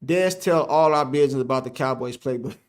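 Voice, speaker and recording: A man's voice: medium pitch, a little fast. A man hosting a casual sports live stream, reading the chat aloud, joking, laughing and repeating himself.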